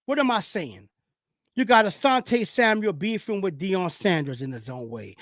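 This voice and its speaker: A man from the Bronx with a New York accent, hosting a casual live-stream sports talk, rambling and animated, with loud street slang. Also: high voice, normal speed, no echo, clean studio sound.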